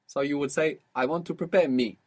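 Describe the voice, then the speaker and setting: Guy teaching a language, husky voice, patient, keeps asking how you'd say it. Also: on the high side, brisk. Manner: patient, prompting and explaining. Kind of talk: spoken language lesson.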